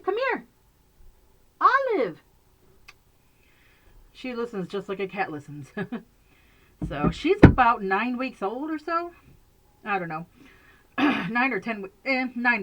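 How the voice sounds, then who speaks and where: A woman's voice: mid-range voice, a bit bright. A woman chatting casually to camera from a bedroom at home, rambling and laughing often. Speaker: vlogger.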